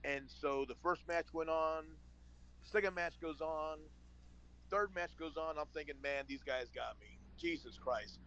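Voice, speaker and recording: Animated man telling a story. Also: fairly high pitch, a little slow, highs cut off. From San Antonio, Texas. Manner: animated storyteller, acts out phone calls. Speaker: podcast guest, former wrestler. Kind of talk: casual storytelling.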